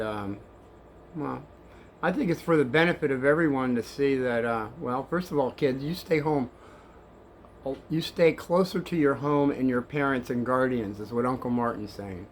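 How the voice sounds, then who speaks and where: An older man telling kids a story in a rambling, animated way, swinging between hushed and excited. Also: medium pitch, normal speed, a little hiss or hum.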